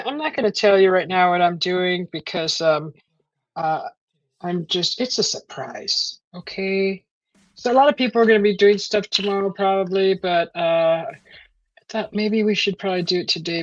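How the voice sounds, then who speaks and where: A woman with a lowish voice chats loosely with her live stream viewers, trailing off and restarting as she goes. Her talk is full of fillers and small chuckles. The sound is dry and a bit dull, like lo-fi stream audio. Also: no room sound. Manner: rambling, many fillers and restarts, chuckles often. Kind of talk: casual chat reading out live chat. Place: at home.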